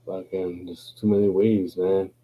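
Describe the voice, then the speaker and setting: A man's voice: deep voice, little pitch movement, measured pace, mellow, a little hiss or hum. A man hosting a live open chat, talking in a laid-back, slangy, rambling way with playful chanting. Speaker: livestream host. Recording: phone-like lo-fi stream audio.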